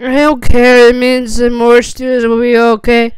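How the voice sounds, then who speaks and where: A woman voicing a cocky, self-sacrificing teenage boy wizard in a fan fiction reading, slow and even. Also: on the high side, clear, resonant tone, no echo, lightly acted, poor audio. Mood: sheepish.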